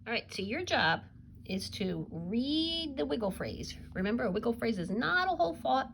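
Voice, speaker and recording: A woman's voice: on the high side, big pitch swings, moderate pace, creaky, noisy background. A woman teaching a recorded reading lesson to young children, upbeat and encouraging with a sing-song teacher voice. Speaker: kindergarten teacher.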